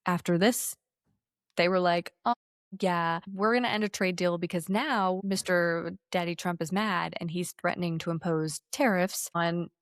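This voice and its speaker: A woman's voice: on the low side, moderate pace, no room sound, studio quality. Sarcastic woman in her thirties. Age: 30s. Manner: sarcastic, animated, swearing. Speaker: podcast co-host. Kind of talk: casual political chat.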